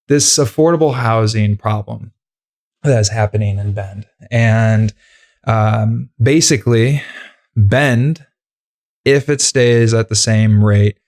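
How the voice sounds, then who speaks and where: A man's voice: fairly low pitch, slow, a little mellow. A man hosting a casual interview podcast, talking in a loose, rambling way with many fillers. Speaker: podcast host.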